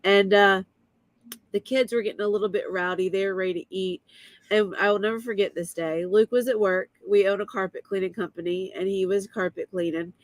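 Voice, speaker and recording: A woman guest telling a vivid, emotional story in a casual way, with quick asides. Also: mid-range voice, steady tone, dry recording. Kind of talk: casual storytelling on a live stream.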